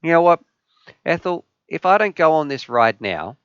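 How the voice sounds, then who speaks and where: Man voicing old husband, pleading, insistent, smooth clear voice, dry sound. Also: a little high, very animated, moderate pace, fairly bright tone, no room sound, highs cut off, voice pushed up.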